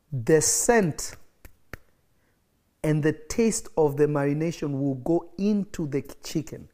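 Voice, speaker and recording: A man's voice: fairly high pitch, takes it slowly, warm tone. A man preaching an emphatic livestreamed sermon, repeating phrases for effect, with coughs and laughs between points.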